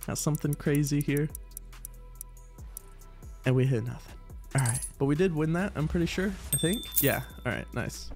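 A congested man giving casual, excitable live commentary while opening cases, swearing often and pleading with the screen. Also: mid-range voice. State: congested, stuffy nose. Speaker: gaming video creator.

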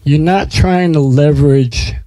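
New guy in his 60s telling stories, swears a lot, bit higher voice. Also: unhurried, mellow, no room sound, rough recording. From United States. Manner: swears freely, acts out quotes in storytelling. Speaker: artist guest. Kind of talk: casual conversation.

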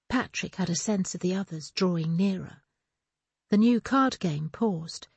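Slow, husky female audiobook narrator. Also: fairly low pitch, darkish tone, no echo. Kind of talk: scripted narration.

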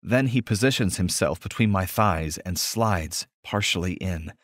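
A man narrating an audiobook romance in the first person with a steady, intimate reading. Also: low-pitched, measured pace, no echo, clean studio sound.

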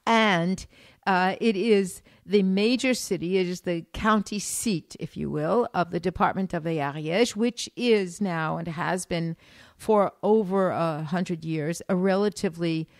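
A woman's voice: on the low side, measured pace, dry recording, clean studio sound. A woman with an American accent, co-hosting a casual travel podcast and explaining things in a teacherly way, with fillers and restarts. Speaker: podcast co-host; former art school teacher.

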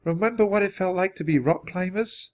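An eager, brave young girl with a high, bright voice, put on by a man reading a storybook. She calls out with quick excitement, rising well above an ordinary speaking voice. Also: close to an everyday voice. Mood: earnest.

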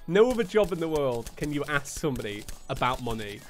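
A man's voice: mid-range voice, big pitch swings, fairly quick, soft background music. Laughing British man chatting on stream. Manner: laughs often, acts out others in quoted asides. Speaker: gaming streamer host. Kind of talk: casual chat on a live stream.

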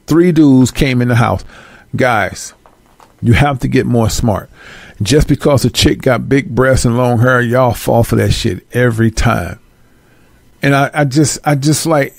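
A man's voice: medium pitch, gravelly, a little mellow, dry recording. A man delivering a blunt, profane opinion rant to his viewers, emphatic and streetwise. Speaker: vlogger.

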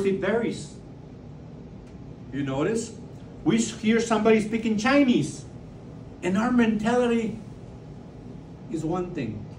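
A high-pitched man from Mexico, with a Mexican Spanish accent, gives a public lecture in a lecture room. He's emphatic, repeats key words, and asks the audience rhetorical questions. The sound is roomy and distant, with a little hiss or hum.

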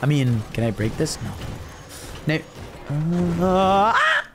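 A man's voice: on the high side, lively intonation, takes it slowly, noisy background. A young man streaming a game from his room, chatting casually, humming tunes and cheering himself on. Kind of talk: casual gameplay commentary.

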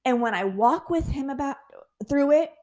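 A fairly high-pitched woman hosts a faith-based motivational podcast. She speaks in an earnest, encouraging way and acts out prayers and inner dialogue in lively voices. She is candid and self-mocking, often laughing at herself. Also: moderate pace. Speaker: podcast host.

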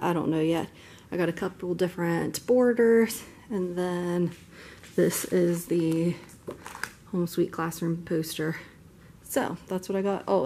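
A woman's voice: fairly low pitch, mellow. A woman in her thirties, a second grade teacher, chatting casually and rambling a bit as she films a vlog from her car and classroom.

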